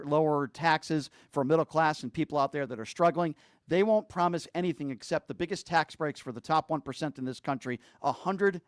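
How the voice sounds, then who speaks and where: This man's voice is on the higher side, captured dry and clean in a studio on a streaming mic. He rants angrily about politics straight to camera. Repeated rhetorical questions hammer each point home.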